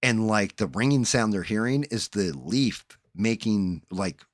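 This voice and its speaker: A man's voice: fairly low pitch, lively intonation, measured pace, no echo, studio quality. A man hosting a casual chat show, retelling horror movie plots in a loose, profane way and acting out the characters' lines. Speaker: podcast host.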